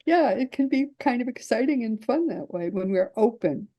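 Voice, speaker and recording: A woman hosts a podcast, speaking in a warm, mellow voice. She chats casually and encourages her guest, agreeing readily. The recording is close and dry. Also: fairly high pitch, expressive, dry recording. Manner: encouraging, quick to laugh and agree. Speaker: podcast host.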